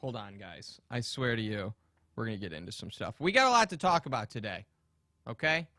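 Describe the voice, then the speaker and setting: A man hosting a comedy podcast, talking crudely and profanely in a rapid, ranting way. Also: on the low side, very animated, bright, forceful tone, no echo. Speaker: podcast host. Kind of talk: casual comedic podcast rant.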